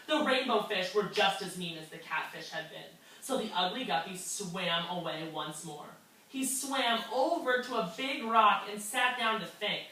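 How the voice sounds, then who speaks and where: Brief: animated woman teacher, bright tone, reading in an echoey classroom from a distance. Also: mid-range voice, normal speed. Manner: lively, expressive storytelling. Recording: echoey classroom, mic far off.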